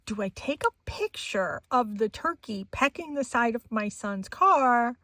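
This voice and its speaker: A woman's voice: a little high, expressive, measured pace, pushed and bright, dry recording. A middle-aged woman hosting a crafting channel, chatting casually and laughing often as she tells a story while she works. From Maine, USA.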